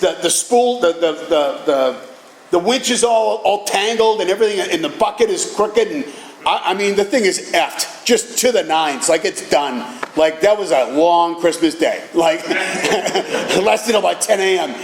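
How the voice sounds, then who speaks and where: A middle-aged man giving an animated personal talk at a recovery meeting, telling stories with casual profanity. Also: sits high, unhurried. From Boston area, USA. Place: meeting hall. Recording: echoey hall with faint ambience.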